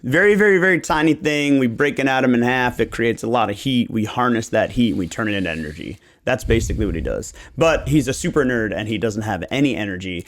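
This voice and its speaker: A man from the Baltimore area hosts a casual podcast about selling homes. His voice has an ordinary middle pitch. He talks with energy and slips into little voices to act out what clients say. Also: fast talker, hardly any pauses. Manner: animated, acts out client conversations in quoted voices. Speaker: real estate agent podcast host.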